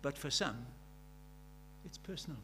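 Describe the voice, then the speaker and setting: High-voiced man preaching a lively sermon. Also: measured pace, a little hiss or hum. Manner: animated, swinging between loud emphatic lines and quiet asides.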